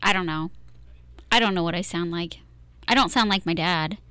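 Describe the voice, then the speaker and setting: Woman, radio co-host, bright voice, casual chat, dry studio sound. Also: lowish voice, moderate pace, clear, resonant tone, no room sound.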